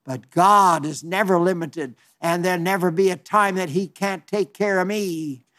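High-voiced preacher in his nineties. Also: normal speed, fairly bright tone. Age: 90s. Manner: fervent, folksy, with frequent restarts. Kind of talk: sermon.

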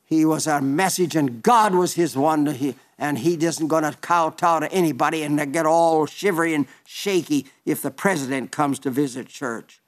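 Elderly male preacher in his eighties with a slightly high voice, fervent, repeats phrases as he tells the story. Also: moderate pace, hardly any pauses. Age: 80s. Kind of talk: sermon.

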